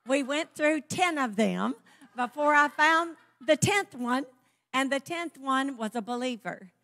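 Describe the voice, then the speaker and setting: Southern female minister, bright interjections, higher pitch, long hall reverb. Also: unhurried. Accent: American Southern. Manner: eager, interjecting, animated storytelling. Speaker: guest minister. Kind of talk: sermon testimony to a congregation. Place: church sanctuary.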